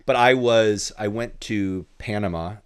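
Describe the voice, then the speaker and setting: A man telling travel stories in a relaxed, casual way in a podcast interview, often swearing and acting out what people said. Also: lowish voice, unhurried, smooth. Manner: laid-back, swearing, acts out dialogue. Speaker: guest photographer.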